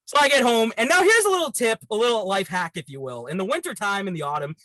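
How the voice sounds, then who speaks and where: Fast, animated man telling stories. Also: high-pitched, dry recording, rough recording. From Canada. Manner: animated, profane, rambling anecdotes. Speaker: comedian guest. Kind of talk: casual comic storytelling.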